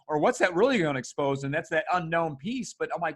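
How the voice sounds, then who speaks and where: A man's voice: fairly high pitch, lively intonation, quick pace, fairly bright tone. A man hosting a casual podcast chat, talking bluntly and emphatically with frequent swearing. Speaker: podcast host.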